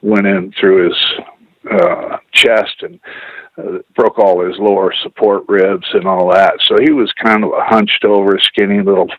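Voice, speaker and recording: A man's voice: fairly low pitch, steady tone, a little slow. A man telling personal stories in a rambling, profane, casual way, full of "you know"s. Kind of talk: casual storytelling. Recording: dull lo-fi radio sound.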